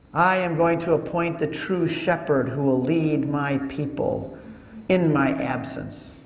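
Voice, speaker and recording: Man, teaching talk, lively swooping pitch, joking asides, echoey hall with long reverb. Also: unhurried. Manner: animated storyteller with joking asides. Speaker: Catholic speaker.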